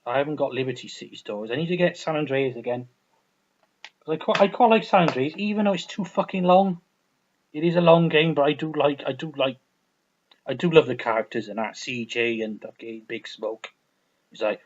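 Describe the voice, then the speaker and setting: A man rambles through a casual game rant, swearing constantly and circling back over his own words. His voice sits at an ordinary middle pitch. The recording is slightly dull and lo-fi. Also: brisk. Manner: rambling, profane, repetitive. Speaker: gaming vlogger.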